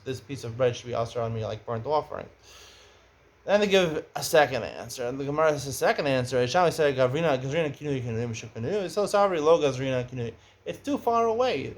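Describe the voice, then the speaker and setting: A middle-aged man gives a Talmud study lecture, speaking conversationally and getting animated when he raises questions. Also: mid-range voice. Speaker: Talmud teacher.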